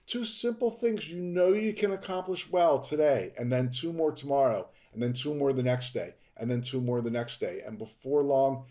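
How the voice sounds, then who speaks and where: A man from Baltimore hosting a podcast, delivering an upbeat scripted monologue that stresses key words with sudden rises in pitch. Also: moderate pace, hardly any pauses, mellow. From Baltimore, Maryland. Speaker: podcast host, dentist.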